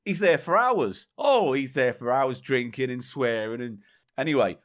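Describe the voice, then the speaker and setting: A man co-hosting a casual podcast, telling a long joke with a laid-back storyteller's pace. His voice is mid-pitched and ordinary. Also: expressive, measured pace. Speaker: co-host.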